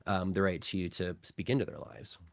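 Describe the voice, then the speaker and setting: A man's voice: low-pitched, fairly quick, vocal fry, dry recording, studio quality. A man on a panel speaking thoughtfully, often correcting himself as he goes. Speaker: panel guest. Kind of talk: panel discussion.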